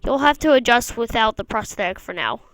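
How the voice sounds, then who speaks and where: Calm formal male doctor, read by a woman in a game; smooth clear voice. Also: fairly high pitch, a little fast, no room sound, low-quality recording.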